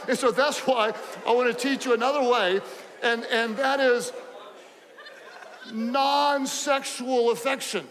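High-pitched preacher guy, jokey and animated, says stuff twice, big church echo. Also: slow, a crowd in the background, background noise. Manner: animated, joking, repeats phrases for emphasis. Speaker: pastor. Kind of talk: sermon.

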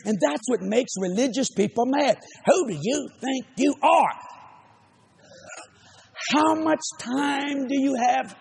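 An older man with a Cajun accent preaching a sermon, emphatic and repetitive, often shouting his lines. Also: very high voice, takes it slowly, gravelly, a little hiss or hum.

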